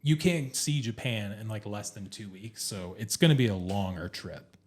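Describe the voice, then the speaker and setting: A man's voice: fairly low pitch, normal speed. A man in his thirties co-hosting a podcast, talking in a laid-back way full of "like" fillers. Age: 30s. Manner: easygoing, lots of "like" fillers. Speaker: podcast co-host. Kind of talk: casual chat.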